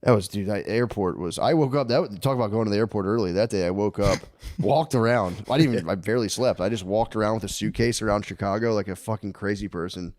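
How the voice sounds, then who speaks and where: A man's voice: fairly low pitch, fast talker, a little mellow, dry recording, clean studio sound. A man in his thirties co-hosting a podcast, telling rambling stories in casual chat and swearing a lot. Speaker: podcast co-host.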